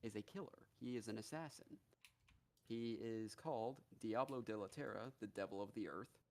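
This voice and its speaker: A man on a live gaming stream casually retelling a story, animated and profane, with many fillers. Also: lowish voice, normal speed.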